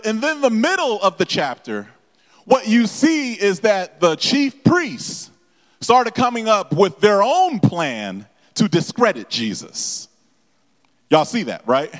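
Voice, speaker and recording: A man preaching a sermon to his congregation, stumbling and repeating words as he explains scripture and asks the room questions. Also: sits high. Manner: halting with many repeated words and fillers, addresses the congregation directly. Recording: long echo of a large hall.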